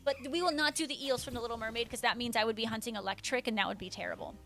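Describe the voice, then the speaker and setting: Bubbly high-voiced woman streamer. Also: rapid-fire, a bit bright. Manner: bubbly, chatty, reads chat aloud. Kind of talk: casual live-stream chat.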